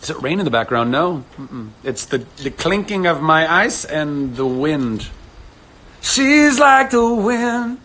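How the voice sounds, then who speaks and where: A man in his thirties hosting a casual live stream from home, chatting with viewers, animated and laughing often. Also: unhurried, few pauses, rough recording. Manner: animated, laughs often, jumps to sudden high exclamations. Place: home studio indoors.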